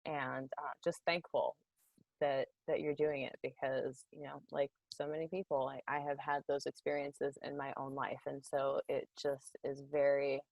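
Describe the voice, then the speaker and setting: A woman's voice: a bass voice, flat delivery, moderate pace, gravelly, a little mellow, dry recording, muffled recording. A woman moderating a webinar panel over a video call, speaking earnestly and thanking the panelists.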